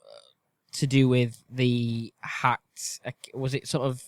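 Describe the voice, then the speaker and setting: A man's voice: medium pitch, flat delivery, slow pace, dry recording. A man co-hosting a casual podcast, musing hesitantly over quiz answers and cutting in with questions. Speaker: podcast co-host and quiz contestant. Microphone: video call.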